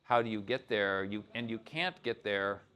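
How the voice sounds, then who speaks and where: Low-voiced man giving a casual lecture. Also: moderate pace, pushed and bright, smooth. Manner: conversational, loose, with frequent "you know" and restarts. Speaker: guest lecturer. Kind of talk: informal university lecture.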